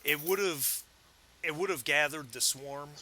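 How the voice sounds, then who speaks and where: A man voicing a weary, calm male community leader who speaks slowly and firmly. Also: a little high, slight background noise, pitched above the performer's own voice, exaggerated voice, low-quality recording. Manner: slow measured speech.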